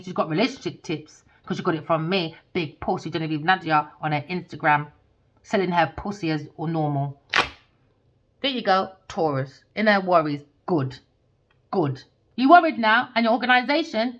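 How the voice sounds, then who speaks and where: A young woman giving an angry, confrontational tarot reading, swearing freely and swinging between loud outbursts and low muttering. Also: lo-fi sound. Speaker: tarot reader.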